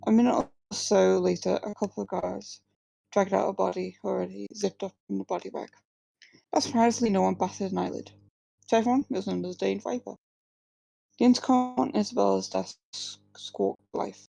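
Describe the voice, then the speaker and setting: Woman reading her own story live, lots of fry, mellow voice, restarts here and there. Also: medium pitch, fairly even intonation, fairly quick, dry recording, poor audio. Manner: plain reading with slips and restarts, few distinct character voices. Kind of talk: live reading of first-person fiction.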